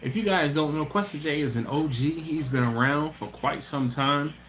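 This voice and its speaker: A man's voice: fairly high pitch, normal speed, fairly bright tone, a little hiss or hum. A man hosting a casual live stream, reading out viewer comments in a laid-back, chatty way, often laughing and trailing off mid-sentence.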